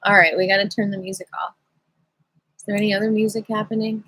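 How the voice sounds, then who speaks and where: A woman leading a livestream qigong class in a playful, giddy, chatty way, with slow guided prompts to notice breath and heartbeat. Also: medium pitch, level tone, a bit bright, slightly rough, no room sound, low-quality recording. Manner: playful, giddy, breaks into sing-song cat voices. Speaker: qigong teacher. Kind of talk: casual livestream class guidance.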